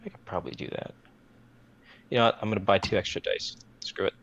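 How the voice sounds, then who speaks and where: A laid-back man chats through his turn in a tabletop game, muttering to himself as he decides. His voice sits on the low side and comes through a dull, lo-fi mic. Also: expressive, fast talker, creaky, fairly bright tone, a little hiss or hum. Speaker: player. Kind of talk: casual game chat.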